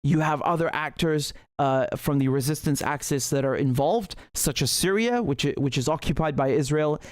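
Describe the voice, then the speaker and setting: A man's voice: a little high, normal speed, no room sound, clean studio sound. A male host giving heated, emphatic political commentary on a livestream, often restarting his sentences.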